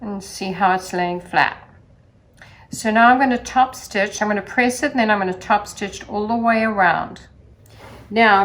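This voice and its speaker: A woman calmly walking through a sewing demonstration step by step, in a gentle sing-song teaching manner. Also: mid-range voice. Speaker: sewing instructor.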